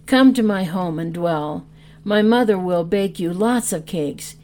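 An earnest little shepherd boy speaks in a hushed, tender way, read aloud by a woman. The tone is low and mellow, and the pace is unhurried. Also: lightly acted. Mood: pleading.

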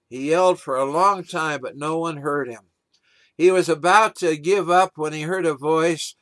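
A man's voice: fairly high pitch, normal speed, no echo. Earnest male preacher, dry sound. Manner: earnest, steady storytelling. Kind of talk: sermon.

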